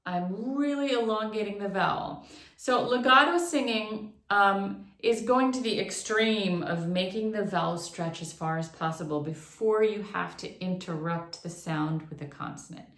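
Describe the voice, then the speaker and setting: A woman gives an online singing lesson, explaining articulation in a plain, even voice. Every so often she sings short demonstration syllables. The room around her is echoey, with a noticeable ring. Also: mid-range voice, measured pace. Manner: explanatory, breaks into sung demonstrations. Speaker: vocal instructor.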